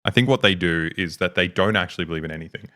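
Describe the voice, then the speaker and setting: Young male streamer, low-pitched, talks quick, rambling and profane, casual chat. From Serbia. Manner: fast, rambling, swearing, animated anecdotes.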